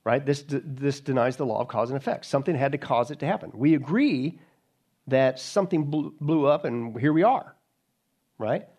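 A man's voice: medium pitch, expressive, moderate pace, a little mellow, slightly rough. A man preaching a sermon to an audience, sarcastic and mocking, with many rhetorical questions.

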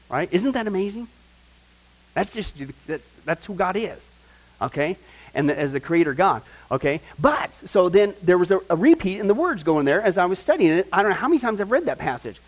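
Man, high voice, Bible teacher, chatty and emphatic, keeps checking the room. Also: a little fast, poor audio. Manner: conversational, checks in often with "right?" and "okay?"; emphatic, builds to excited points.

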